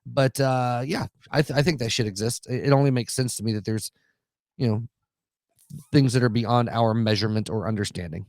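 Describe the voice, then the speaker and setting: A man co-hosts a podcast in loose, rambling talk, swearing freely as he goes. His voice sits at a medium pitch, and the dry, close mic carries no room sound at all. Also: fairly quick, darkish tone, no echo. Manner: rambling, profane, laughing. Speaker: podcast co-host. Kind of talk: casual podcast chat.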